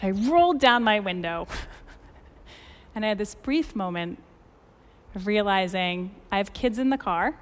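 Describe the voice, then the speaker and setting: A woman in her forties preaching a sermon, telling stories with lively emphasis. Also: mid-range voice, unhurried, pauses often, slight background noise. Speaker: pastor. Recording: long hall reverb.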